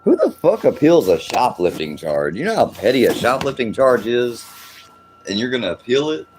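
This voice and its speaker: A man's voice: mid-range voice, very animated, moderate pace, background noise. A man hosting a livestream, ranting in a casual, profane, exasperated way and rambling as he talks to his chat. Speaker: livestream host.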